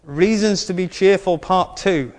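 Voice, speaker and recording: A man's voice: sits high, unhurried, darkish tone, in a large hall. A male preacher giving a sermon in an earnest way, stressing his key points and adding wry asides.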